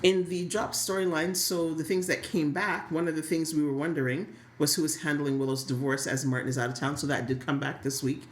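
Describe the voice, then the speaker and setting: A woman's voice: deep voice, level tone, a little fast, hardly any pauses, echoey room. A woman co-hosting a casual chat podcast about a soap opera, recapping scenes and laughing easily. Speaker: podcast co-host.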